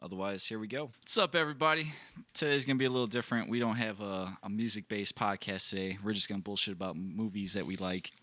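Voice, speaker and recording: A man hosting a casual podcast chat, telling stories in an excitable, profane way. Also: lowish voice, quick pace, no room sound. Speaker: podcast host.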